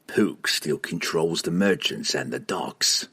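A man voicing a cold, grim male assassin who speaks slowly and quietly, in an audiobook reading. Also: a bass voice, lively intonation, breathy edge, full character voice. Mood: cold, menacing.

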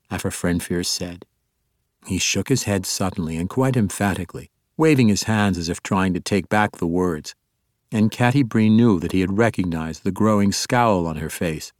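A man narrating an audiobook in a steady, expressive reading. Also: deep voice, moderate pace, no echo, studio quality. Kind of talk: scripted narration.

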